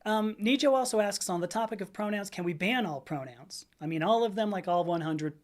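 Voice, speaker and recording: A woman's voice: mid-range voice, fairly quick, darkish tone. A middle-aged American woman hosting a casual livestream, answering chat comments in a rambling way, often correcting herself. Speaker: livestream host reading chat.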